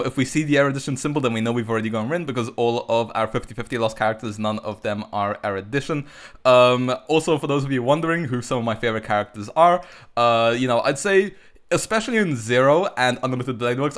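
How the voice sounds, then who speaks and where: A male gaming YouTuber chats loosely through his summons, in a voice of middling pitch. He rambles with plenty of fillers and rushes of excitement. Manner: chatty and rambling, many fillers, bursts of excitement. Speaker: gacha game YouTuber. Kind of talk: casual commentary while pulling on a game banner.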